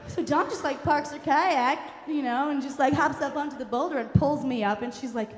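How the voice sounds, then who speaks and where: A woman telling a comic personal story on stage, fast, wry and profane, recorded in a live venue hall. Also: high voice. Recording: echoey hall, faint room noise.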